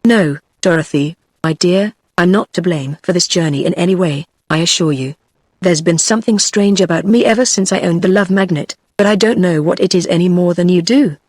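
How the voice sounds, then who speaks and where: A woman's voice: lowish voice, brisk, no room sound, studio quality, natural voice. A text-to-speech woman's voice with a British English accent reading the lines of a kindly, reassuring shaggy wanderer in a storybook. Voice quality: even synthetic read-out.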